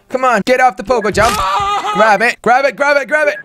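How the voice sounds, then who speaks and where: A young man hosting a gaming channel, giving excitable let's-play commentary, talking to himself and shouting and swearing at the game. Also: high voice, a little fast, a little hiss or hum.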